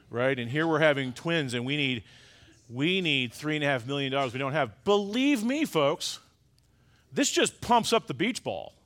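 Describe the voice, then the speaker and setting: Emphatic higher-voiced male pastor. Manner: emphatic, swings between loud urgent stresses and quiet confiding asides. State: choked up. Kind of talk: sermon.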